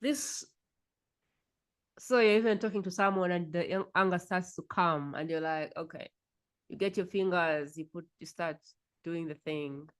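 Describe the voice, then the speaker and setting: A woman's voice: lowish voice, normal speed, clean tone. A woman hosting a podcast interview, asking curious follow-up questions and murmuring agreement. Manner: curious questioning, frequent soft affirmations. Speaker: podcast host.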